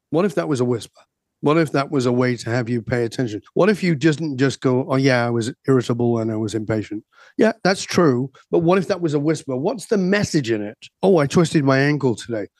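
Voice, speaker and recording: A man's voice: mid-range voice, a little mellow, dry recording. A man in an interview, a coach telling stories and asking rhetorical questions. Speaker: guest coach. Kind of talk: podcast interview talk.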